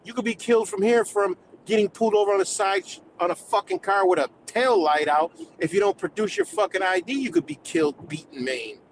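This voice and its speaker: A man's voice: sits high, brisk, hardly any pauses, slight background noise, low-quality recording. A man from the United States on a live stream, delivering a heated, profane, rambling rant.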